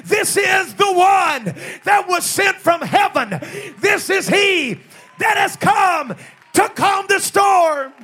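Shouting high-voiced male preacher. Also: expressive, some chatter behind. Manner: emphatic, shouted preaching with slow drawn-out refrains. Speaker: pastor. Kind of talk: sermon. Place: church service with congregation.

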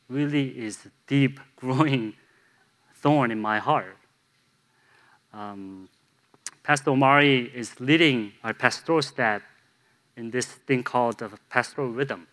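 Candid, bright-voiced male pastor preaching. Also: mid-range voice. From Chicago, USA. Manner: candid, self-deprecating, humorous storytelling. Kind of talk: sermon.

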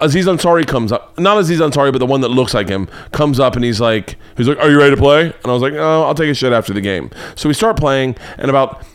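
A young adult man hosting a comedy podcast, telling a profane story and acting out the voices in it. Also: mid-range voice. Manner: profane, animated, acts out voices in his stories. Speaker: comedian host.

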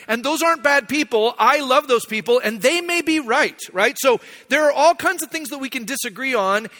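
A man's voice: extremely high pitch, bright, forceful tone, long reverb tail. A middle-aged man, a pastor, giving a conversational, self-deprecating sermon in a church sanctuary.

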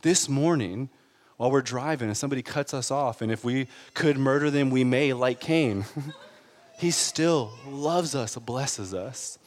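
A man preaching a sermon, animated and laughing often, checking in with the congregation as he goes. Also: medium pitch, unhurried. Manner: animated, laughs often, asks the crowd "right?". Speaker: pastor. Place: church sanctuary. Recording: long hall reverb.

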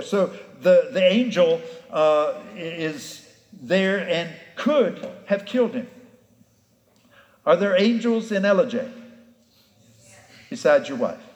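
Brief: male pastor, folksy storyteller, high voice, roomy hall sound. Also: darkish tone. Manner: folksy storytelling preacher, acts out the characters. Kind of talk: sermon. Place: church sanctuary. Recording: echoey hall.

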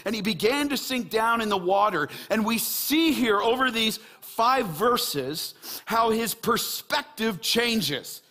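A man preaching a sermon in an emphatic style, swinging between loud rising passages and quiet low asides, with many rhetorical questions to the congregation. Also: expressive, a little slow. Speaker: pastor.

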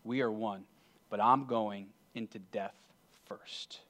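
A man voicing a gentle, self-giving rescuer, speaking softly and slowly. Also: lowish voice, steady tone, pitched below the performer's own voice. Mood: tender quiet.

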